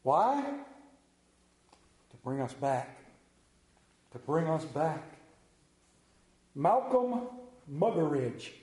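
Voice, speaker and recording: A man preaching a sermon in a church, pausing for effect and dropping to a hushed voice on key words. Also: medium pitch, very animated. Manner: dramatic pauses, drops to a hushed voice on key words. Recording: echoey room.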